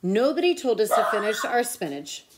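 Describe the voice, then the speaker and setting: A woman tutor reading a children's picture book aloud with expressive storytelling. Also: on the high side, normal speed, heavy background noise.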